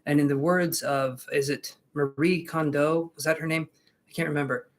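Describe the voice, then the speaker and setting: A man's voice: on the high side, steady tone, moderate pace. Chatty, joking male tarot reader. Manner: jokey, reassuring, chatty. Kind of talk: live-stream casual chat.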